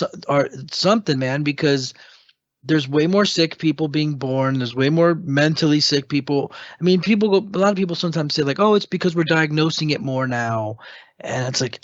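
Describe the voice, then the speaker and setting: A man's voice: fairly high pitch, moderate pace, no room sound, lo-fi sound. A man co-hosting a casual podcast, opinionated and rambling. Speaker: podcast co-host. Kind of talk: casual chat.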